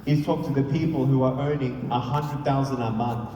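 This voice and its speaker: A man's voice: medium pitch, fairly even intonation, moderate pace, mellow, a little hiss or hum. A man giving a motivational stage speech to a live audience, talking emphatically, repeating points and rallying the crowd. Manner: emphatic, repetitive, rallies the audience. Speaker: motivational speaker. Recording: echoey hall, distant mic, crowd.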